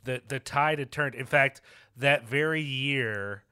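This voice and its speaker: A man's voice: mid-range voice, slow pace, bright, forceful tone, clean tone, dry recording, clean studio sound. A man co-hosting a movie podcast, rambling with restarts and laughter. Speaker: podcast co-host. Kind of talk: casual movie discussion.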